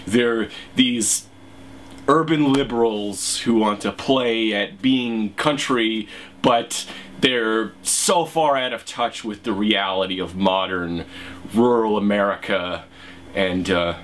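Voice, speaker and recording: A man's voice: on the low side, takes it slowly, fairly bright tone, a little hiss or hum. A man vlogging in a rambling, hesitant casual commentary monologue.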